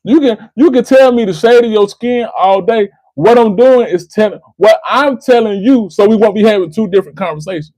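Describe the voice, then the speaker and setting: Brisk and with few pauses, a man whose voice sits high but has a dark tone lectures a caller on his call-in debate stream. He keeps repeating the caller's name and restarting his words, all captured in a dry, rough recording.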